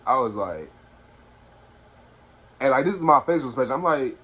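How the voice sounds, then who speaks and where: A man's voice: mid-range voice, normal speed, background noise. A young man, telling a personal story casually on a phone, rambling with lots of fillers. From Houston, Texas. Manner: rambling, filler-heavy, animated retelling. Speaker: vlogger.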